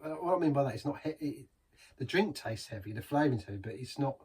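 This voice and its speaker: A man's voice: mid-range voice, animated, quick pace, darkish tone, husky, recorded from a distance. A man reviewing a beer in a chatty, rambling way, savouring each sip. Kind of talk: casual beer review vlog.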